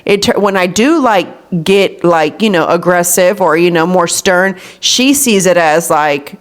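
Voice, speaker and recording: A woman's voice: on the low side, measured pace. A woman in her thirties hosting a podcast, talking casually and retelling conversations with her young daughter. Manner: chatty, retells talks with her daughter, says "you know what I'm saying" often. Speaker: podcast host. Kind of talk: casual chat.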